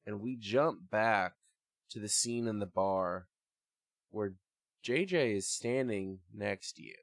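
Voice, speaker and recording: A man narrating a tabletop role-playing game as game master in slow, measured storytelling. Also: fairly low pitch, no echo. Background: background music.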